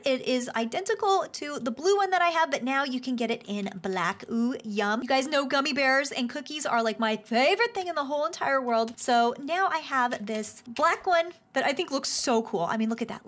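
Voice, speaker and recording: A young woman hosting a gaming video, excitable and gushing as she plays. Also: high voice. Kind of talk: gaming commentary. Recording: game music behind voice.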